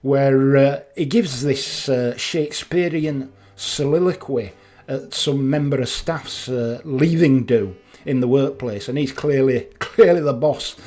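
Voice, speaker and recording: A man's voice: medium pitch, darkish tone. An older Yorkshire man vlogging about motorcycling, telling chatty, self-mocking jokes and laughing at them. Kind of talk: casual humorous monologue.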